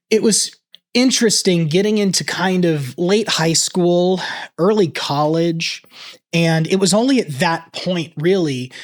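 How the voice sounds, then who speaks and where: A man in his thirties speaking in a slightly raised voice, choked up as he reacts. He talks earnestly and reflectively, stopping and restarting in halting bursts of casual commentary. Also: a little high. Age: 30s. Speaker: reaction video host.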